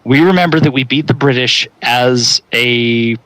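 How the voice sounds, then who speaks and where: A man's voice: mid-range voice, measured pace, fairly bright tone, no echo, rough recording. Wry rambling American guy. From United States. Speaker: co-host. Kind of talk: casual chat.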